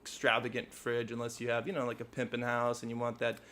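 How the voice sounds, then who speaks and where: A man's voice: mid-range voice, monotone, fast, fairly bright tone, slight background noise. A young man co-hosting a podcast, chatting casually in an apartment with a laid-back, joking manner. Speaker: podcast co-host. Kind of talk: casual chat.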